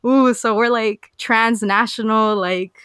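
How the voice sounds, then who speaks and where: Young female podcast host: smooth, clear voice, dry close sound, bubbly and chatty. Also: a little high, fairly even intonation, takes it slowly, fairly bright tone, dry recording. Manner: bubbly, heavy use of "like". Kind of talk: casual podcast chat.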